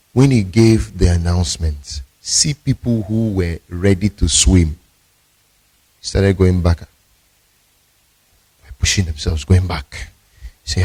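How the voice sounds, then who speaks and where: A man's voice: low-pitched, slow, long pauses, darkish tone, breathy edge. A male pastor, preaching emphatically and telling stories in a sermon.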